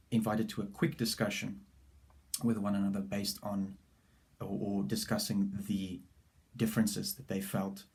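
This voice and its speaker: A man lays out a classroom listening activity in a measured, explanatory way. His voice sits fairly low and stays even, with little rise and fall. He now and then restarts a phrase as he goes. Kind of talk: lesson plan presentation.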